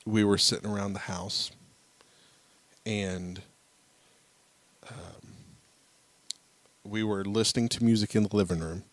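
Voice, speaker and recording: A man with a lower-pitched voice, co-hosting a casual podcast in his thirties. He tells a family anecdote with lively acted-out quotes. The sound is dry and close. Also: slow, long pauses, dry recording. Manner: animated storyteller acting out quotes. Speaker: podcast co-host. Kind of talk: casual chat, storytelling.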